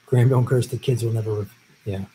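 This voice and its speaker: A man's voice: medium pitch, fairly even intonation, fast, mellow, a little hiss or hum, rough recording. A man hosting a live stream, giving blunt, profane, opinionated commentary on election-night results.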